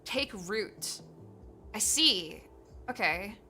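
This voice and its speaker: A woman's voice: mid-range voice, animated, extremely slow, sharp tone, faint music behind. A woman streamer playing a game live, reading the text aloud and reacting playfully, laughing and swearing casually.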